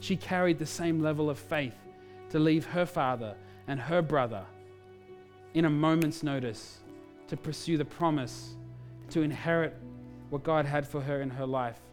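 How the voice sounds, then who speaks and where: A man, a pastor, preaching a sermon in an animated storytelling way with quick asides. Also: a little high, faint music behind.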